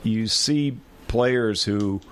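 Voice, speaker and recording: A man's voice: fairly low pitch, drawn-out words. An older man, a retired band director telling rambling, self-deprecating anecdotes in an oral history interview. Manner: rambling anecdotes, self-deprecating humor, many filler restarts.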